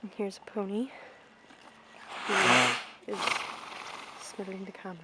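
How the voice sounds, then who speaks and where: A woman's voice: medium pitch, level tone, measured pace, heavy background noise. A young woman casually vlogging an outdoor farm tour on a handheld camera, chatting and calling out to her ponies.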